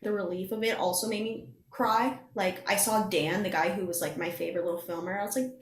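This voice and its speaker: Her mid-range voice runs a little fast as this young singing contestant chats casually on a podcast. Laughing often, she animatedly recounts events and performs other people's lines, with a roomy echo around her.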